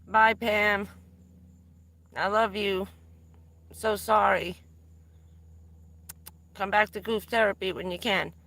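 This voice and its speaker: Gravelly middle-aged woman, rambling live chat. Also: mid-range voice, drawn-out words, pauses often. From New Jersey. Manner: rambling, excitable storytelling with swearing. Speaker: vanlife live streamer. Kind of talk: casual live-stream chat. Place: in or around her van.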